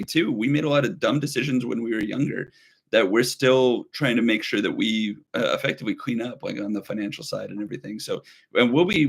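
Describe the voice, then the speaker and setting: A man's voice: mid-range voice, vocal fry, breathy edge. A man in his thirties co-hosting a casual livestream, chatty and rambling as he reads viewer comments aloud. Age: 30s. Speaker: livestream co-host.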